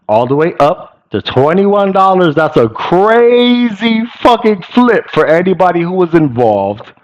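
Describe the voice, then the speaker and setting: A young man at an ordinary mid pitch holds forth on markets in a loose, slangy way. He swears constantly and talks with blunt, animated conviction, as if chatting with friends. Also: highs cut off. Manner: profane, blunt and animated, slangy with "bro" and "y'all". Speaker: crypto channel host. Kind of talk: casual market commentary to viewers.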